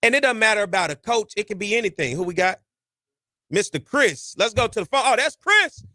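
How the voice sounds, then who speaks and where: High and bright-voiced, a sports talk podcast host talks fairly quickly, driving home his views with folksy slang and energetic rises and falls in pitch. The sound is dry and close-miked, without any room sound.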